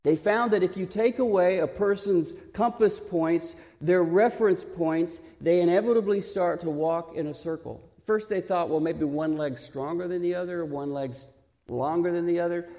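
A man preaching a sermon, originally from Texas, asking the listeners questions and slowing down to stress his points. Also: high voice, warm tone. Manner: questioning, emphatic, slows for stress. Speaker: pastor. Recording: reverberant hall.

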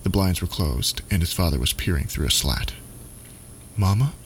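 A man narrating a scripted story in a measured, steady reading. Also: low-pitched, a little hiss or hum.

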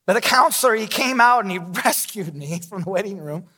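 Bright-voiced pastor preaching in a hall. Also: male voice, sits high, animated, a little fast. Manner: candid self-deprecating storytelling. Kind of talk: sermon.

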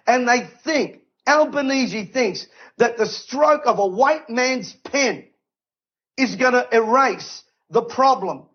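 Fiery preacher, high voice. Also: male voice, animated, takes it slowly, dull audio. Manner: fiery, emphatic, with repeated rhetorical questions. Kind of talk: impassioned sermon. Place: event stage.

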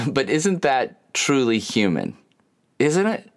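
Lively, joking male pastor preaching. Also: mid-range voice. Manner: conversational and humorous, acts out quick dialogue. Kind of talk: sermon.

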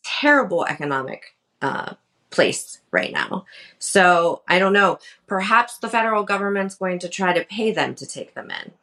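A woman's voice: lowish voice, sing-song, moderate pace, bright, forceful tone. A woman guest commentator in a political discussion, speaking in a sardonic, conversational way.

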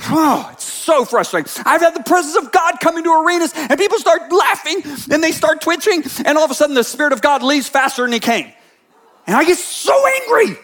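A man preaching a sermon, telling a story quietly and then breaking into loud, passionate bursts. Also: very high voice, lively intonation, fairly quick. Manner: swings from hushed storytelling to shouted passionate bursts.

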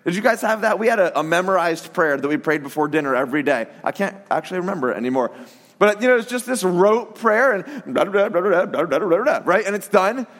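High-voiced man preaching in a reverberant hall. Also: fast. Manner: conversational, animated storytelling with acted quotes. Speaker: pastor. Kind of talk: sermon.

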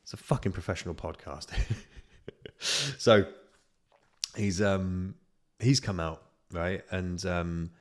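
A man's voice: low voice, fairly even intonation, slow pace, long pauses. A young man hosting a solo podcast, telling crude anecdotes with lots of swearing and laughter. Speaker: podcast host. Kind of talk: casual solo podcast chat.

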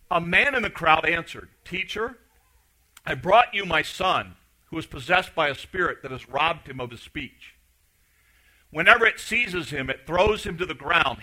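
A middle-aged man preaches a sermon, retelling the story in loose everyday words and acting out the quotes. His voice is strikingly bright and sits a little high. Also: low-quality recording. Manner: conversational, animated retelling with paraphrased quotes. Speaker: pastor.

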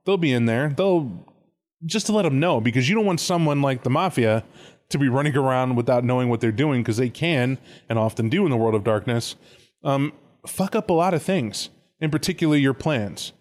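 A man with a mid-pitched voice co-hosts a casual podcast. He talks in loose, rambling stretches full of profanity and quick, animated asides. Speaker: podcast co-host.

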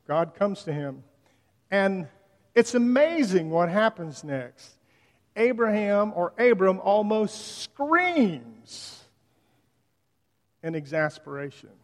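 High-voiced pastor in a reverberant hall. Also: male voice, very animated, takes it slowly, long pauses. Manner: conversational, retells scripture in plain slang. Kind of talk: sermon.

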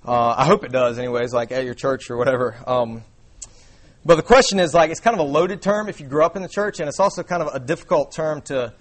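A man's voice: mid-range voice, fast. A young man preaching a sermon to a congregation in a casual, conversational way with many fillers. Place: church before a congregation.

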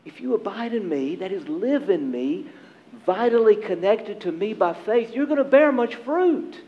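A man preaching a sermon as pastor, earnest and emphatic, with dramatic pauses. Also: high-pitched, expressive, highs cut off.

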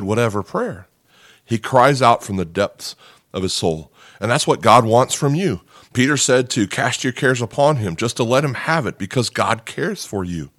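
An earnest male pastor preaching a sermon in a conversational way, stumbling over repeated words and often asking "okay?" of his listeners. His voice sits at a middle pitch. The recording is dry and close, with no room sound. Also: sing-song, moderate pace, fairly bright tone, no room sound. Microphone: podcast microphone.

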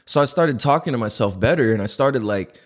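Animated, slangy podcast host man. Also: medium pitch, fairly quick. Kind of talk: casual solo podcast monologue. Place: indoors in a house. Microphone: podcast mic with cameras recording.

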